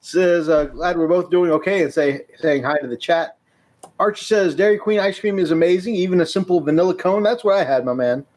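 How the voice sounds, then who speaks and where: A man's voice: sits high, a little fast, darkish tone. A man hosting a hobby live stream, reading viewer comments aloud and laughing often in casual chat.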